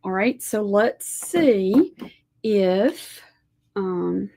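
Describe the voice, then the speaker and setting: A woman teaching a live lettering lesson, talking gently to viewers as she draws and reads scripture. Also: medium pitch, lively intonation, creaky. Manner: slow, gentle, talks to viewers while drawing.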